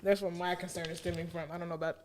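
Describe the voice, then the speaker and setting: A woman's voice: lowish voice, flat delivery, rapid-fire, a little hiss or hum. A woman co-hosting a casual podcast, blunt and playful, laughing often as she talks. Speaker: podcast co-host. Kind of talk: casual chat.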